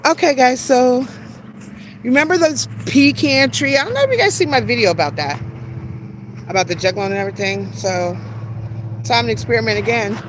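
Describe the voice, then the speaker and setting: A woman's voice: on the high side, animated, moderate pace, long pauses. Woman host, casual and chatty, talking to live viewers outdoors on a phone mic, faint noise behind. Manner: chatty, greets viewers by name, self-deprecating. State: out of breath while walking. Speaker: garden channel host. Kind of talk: casual live-stream garden tour. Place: outdoor backyard garden.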